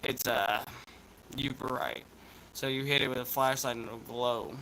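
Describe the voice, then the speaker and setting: A man's voice: medium pitch, fairly even intonation, measured pace, creaky, sharp tone, slight background noise, poor audio. A man with an Appalachian accent chatting in a laid-back, rambling, slangy way as a vlog host. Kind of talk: casual chat vlog.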